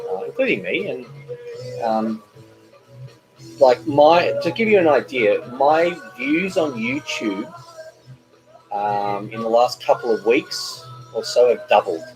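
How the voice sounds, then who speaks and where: A man's voice: medium pitch, big pitch swings, unhurried, over music, rough recording. A middle-aged man hosting a casual live stream from home, reading viewer comments aloud, rambling and stumbling over repeated words. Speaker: cooking channel host.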